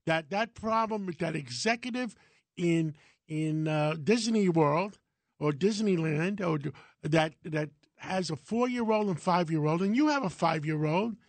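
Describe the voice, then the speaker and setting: Seventy-something guy on morning radio, high voice, bossy folksy advice, dry studio sound. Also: a little slow, no room sound. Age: 70s. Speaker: radio co-host. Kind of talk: casual radio talk.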